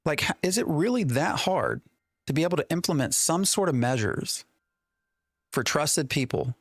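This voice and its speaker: A man's voice: fairly high pitch, expressive, normal speed, pauses often, husky, no room sound, clean studio sound. A man streaming a game live, rambling in an exasperated way and talking to his chat. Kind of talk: live gameplay commentary.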